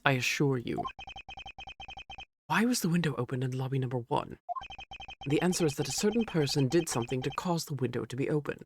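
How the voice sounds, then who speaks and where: A man reading a stern, sharp-witted male prosecutor aloud during a game playthrough, with a formal, deliberate delivery. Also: medium pitch, lightly acted.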